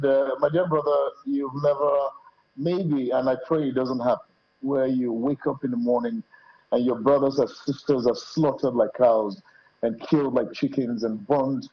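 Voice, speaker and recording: A man's voice: medium pitch, husky, dull audio. A man with a Nigerian accent, a guest analyst on a TV panel, speaking with passionate, rising rhetorical emphasis. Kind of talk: TV panel discussion.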